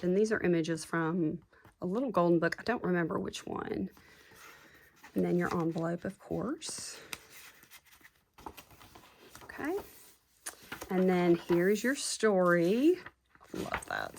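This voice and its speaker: A woman talks slowly and warmly through her crafts, gushing at every detail. Her lowish voice has a gravelly edge, and a faint background hiss sits under the recording. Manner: gushing, chatty, addresses viewers as y'all. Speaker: craft seller showing handmade junk journals. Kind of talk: casual show-and-tell chat.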